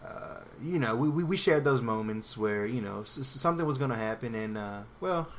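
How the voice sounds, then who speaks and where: A man's voice: medium pitch, expressive, brisk, a bit bright, a little hiss or hum. A man putting on a wobbly fake British accent. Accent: clumsy mock British, drifting toward Australian. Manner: hesitant, many restarts, stalls with "uh". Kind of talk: casual podcast chat.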